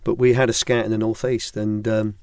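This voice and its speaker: A man's voice: on the low side, little pitch movement, fairly quick, darkish tone, no room sound. An older man, a former football academy director, telling rambling anecdotes in a studio interview with many ums and restarts.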